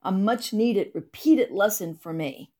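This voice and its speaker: A woman reading her own devotional blog post aloud in an earnest, expressive storytelling manner. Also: mid-range voice, a little slow. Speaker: ministry blog writer.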